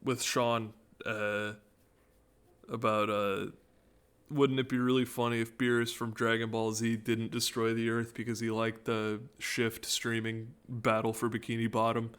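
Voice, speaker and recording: A man's voice: medium pitch, flat delivery, a little slow, fairly bright tone, smooth. A man giving casual let's-play commentary, rambling, joking and breaking off his own sentences. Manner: rambling, joking, self-interrupting. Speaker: gaming video commentator.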